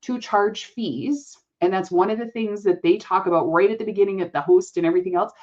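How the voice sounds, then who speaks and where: A woman's voice: mid-range voice, brisk, a little mellow, dull audio. A woman hosting a business-coaching podcast, speaking directly and matter-of-factly to the listener. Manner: direct, matter-of-fact, talks to the listener as "you".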